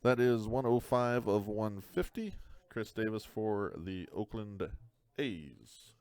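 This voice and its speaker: A man's voice: lowish voice, lively intonation, a little slow, darkish tone, clear, resonant tone, dry recording. A man hosting a live card break, talking through each card with dry joking asides.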